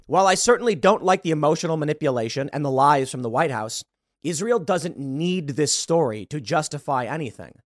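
A man's voice: on the high side, no echo, studio quality. A man hosting a podcast, giving heated, emphatic political commentary and stumbling over repeated words when worked up. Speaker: podcast host.

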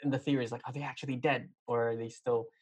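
A man's voice: mid-range voice, little pitch movement, fast, slightly rough. A man talking casually about a TV series, rambling and hesitant, with many fillers and restarts. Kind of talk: casual chat.

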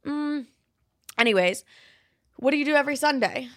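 A woman's voice: high-pitched, animated, normal speed. A young woman in her twenties hosting a podcast, chatting casually and swearing freely, with lots of likes and some laughter. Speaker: podcast host. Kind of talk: casual chat. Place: apartment in a big US city.

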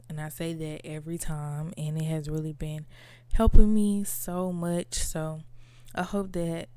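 A woman's voice: low-pitched, fairly even intonation, unhurried, dark tone, smooth. A woman podcast host talking casually and candidly about her inner life, with lots of "like" and "you know". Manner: reflective, candid, many fillers like "like" and "you know". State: tearful at times. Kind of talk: casual personal monologue.

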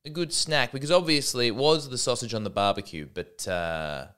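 A man's voice: mid-range voice, moderate pace, fairly bright tone, clear, resonant tone. An Australian man hosting a solo podcast, talking in a rambling, sardonic, self-deprecating way. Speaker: podcast host.

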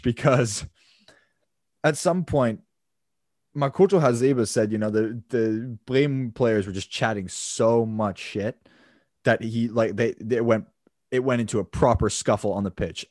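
A man's voice: medium pitch, darkish tone, no room sound, studio quality. A man co-hosting a casual football podcast, chatty and rambling, with frequent restarts. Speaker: podcast co-host.

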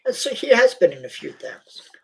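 A man co-hosting a live-stream chat, reading aloud in a flat, unimpressed deadpan. His voice is gravelly and husky, with plenty of fry. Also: very high voice, moderate pace, low-quality recording. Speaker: co-host.

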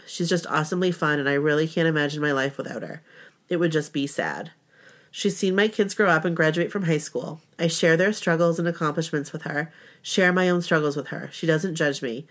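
Low-voiced woman reading heartfelt story. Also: fairly quick. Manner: sincere, heartfelt. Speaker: podcast co-host. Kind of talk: reading a personal story aloud.

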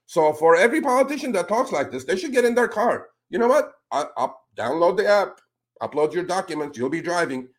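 A man hosting a talk show, speaking in casual, animated commentary that turns indignant as he calls out politicians with a pointed "sir". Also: sits high, brisk. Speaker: podcast host.

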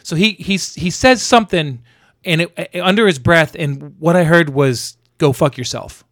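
A man telling a story about his workday in casual chat, animated and acting out the people he met. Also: a little high, normal speed, no echo, clean studio sound. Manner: animated, acts out angry shouting in quotes.

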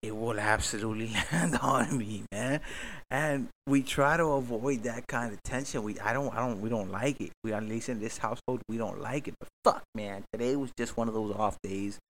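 A man's voice: mid-range voice, normal speed, a little hiss or hum. A man hosting a podcast, telling a personal story in a rambling, profane, self-mocking way. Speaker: podcast host. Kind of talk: casual storytelling chat.

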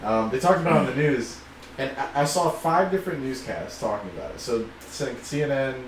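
A man chatting loosely on a podcast, rambling and cursing with easy laughs. His voice sits at a middling pitch and sounds set back from the mic. A roomy echo and a faint hiss hang around him. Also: animated, brisk. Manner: rambling, profane, laughing often. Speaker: podcast co-host. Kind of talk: casual chat. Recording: echoey room, far from mic, faint noise.

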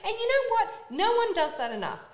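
A young Australian woman co-hosting a podcast, telling a story in an animated way with swearing and laughter. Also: extremely high pitch, fast. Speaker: podcast co-host. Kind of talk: casual chat. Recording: echoey room.

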